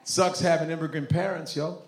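A man's voice: fairly high pitch, steady tone, moderate pace, a little hiss or hum. A man doing a stand-up set at a comedy club, working the crowd with brash, profane banter. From Africa. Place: comedy club stage, live audience. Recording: live club recording with crowd.

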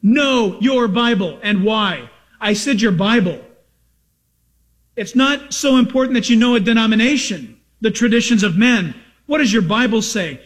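Man, pastor, sermon, very high-pitched, emphatic, rhetorical questions, excited. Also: normal speed. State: over-caffeinated, excited.

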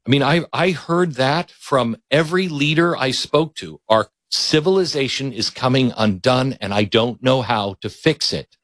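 A male talk host speaks earnestly, often pausing to search for a word. His voice sits at a middle pitch. The sound is dry and close. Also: a bit bright, no echo. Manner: earnest, searching for words, retelling conversations. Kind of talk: political monologue.

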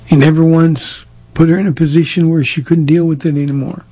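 A man's voice: a little high, little pitch movement, a little fast, mellow. A man from Southern California, a pastor answering listener questions in a plain-spoken, direct way and telling stories from his life. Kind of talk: casual call-in advice talk.

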